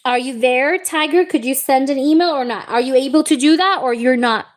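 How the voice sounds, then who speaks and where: A woman's voice: high-pitched, a little fast. A woman giving a live-stream tarot reading, chatty and reassuring, often checking in with "okay?" and calling the viewer "baby". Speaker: tarot reader.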